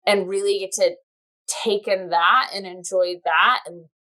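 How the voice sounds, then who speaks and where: A woman guest on a podcast, a comics editor chatting casually and telling stories in an animated way. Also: mid-range voice, measured pace, rough recording.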